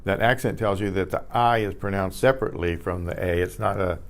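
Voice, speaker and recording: A man teaching a beginners' Spanish lesson, saying each word slowly several times and spelling it out, and clearing his throat now and then. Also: deep voice. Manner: slow, repeats each word many times.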